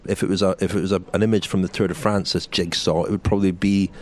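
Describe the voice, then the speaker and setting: A man's voice: deep voice, little pitch movement, fast, a little mellow. A man co-hosting a podcast, reporting on races in an easygoing way and turning remarks into questions for his co-hosts. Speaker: podcast co-host. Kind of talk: casual chat, race report.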